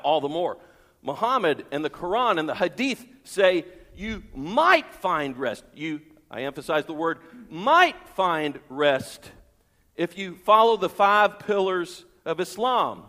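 A man with a fairly high voice preaches a sermon, pressing his points with rhetorical questions and repetition. His voice rings out with the long reverb of a large hall. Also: pushed and bright. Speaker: pastor.

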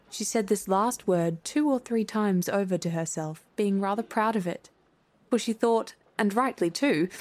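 A woman narrating a classic children's storybook in a measured, clear way. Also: mid-range voice, a little mellow. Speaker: audiobook narrator. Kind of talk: storybook reading.

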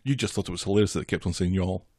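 A man's voice: sits low, very fast, a little mellow, no room sound, studio quality. A man in casual chat recapping a cartoon episode, wry and teasing, dryly correcting his co-host.

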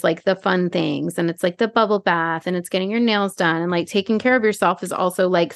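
A woman in her thirties co-hosting a podcast, talking casually with lots of fillers and animated asides. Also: medium pitch, dry recording, studio quality. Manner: chatty, lots of "like", animated retelling. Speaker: podcast co-host. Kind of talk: casual chat.

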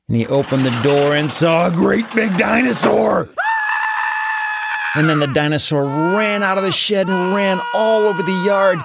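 An adult telling a children's story aloud in an animated, unhurried way. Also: mid-range voice, noisy background.

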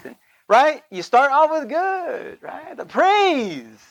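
Speaking slowly in an extremely high voice with big pitch swings, a preacher gives an informal sermon. His asides come in whispers, his emphasis comes loud, and he checks in with his audience again and again.

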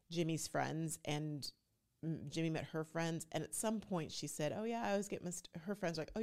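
A woman's voice: low voice, creaky. A woman hosting a podcast, chatting casually and with strong opinions, acting out quotes as she goes. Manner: animated, opinionated, acts out quotes. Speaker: podcast host. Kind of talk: casual recap chat.

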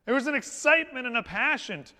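A man's voice: very high-pitched, expressive, fast, pushed and bright. A male pastor telling a story in his sermon in a conversational, anecdotal way, with touches of humor. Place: church sanctuary. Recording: long hall reverb in a church.

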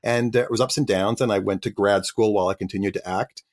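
A man's voice: fairly low pitch, steady tone, quick pace. A man, a guest actor, telling his career story in a chatty interview with frequent restarts. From Canada.

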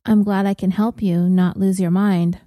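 A woman's voice: mid-range voice, flat delivery, normal speed, mellow, dry recording, close to an everyday voice. A woman narrator voicing a mocking, disembodied inner voice that talks in a dry, needling way.

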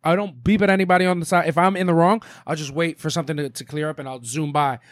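A man in casual podcast chat, quick to chime in, swearing freely. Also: on the high side, steady tone, no room sound, clean studio sound. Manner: profane, quick interjections. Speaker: podcast co-host.

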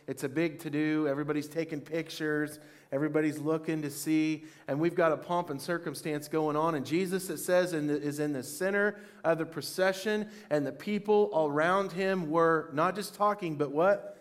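A man preaching a sermon, reading scripture aloud and asking the congregation questions, with praise lines that rise toward shouting. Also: a little high, fairly even intonation, moderate pace. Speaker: pastor.

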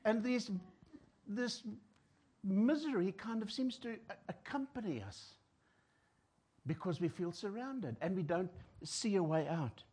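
A South African man delivers a sermon, alternating between loud, emphatic lines and hushed, almost whispered ones while acting out the voices of people in despair. His voice is high and husky with lively intonation, and he speaks a little slowly, pausing often.

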